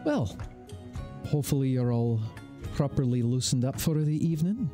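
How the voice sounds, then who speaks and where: A man's voice: medium pitch, lively intonation, moderate pace, natural voice. A hospitable woman hosting a town feast in a tabletop fantasy game, as a man puts her on. She talks in a cordial, inviting way, her voice lifted a little above his own. Faint music plays behind her. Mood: welcoming.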